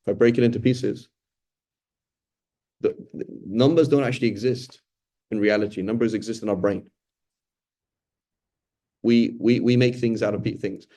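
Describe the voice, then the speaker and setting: With a warm, fairly low voice, a middle-aged man leads an informal Quran study session at a moderate pace, pausing at length. He's conversational and thinks aloud, restarting often and asking "right?" along the way.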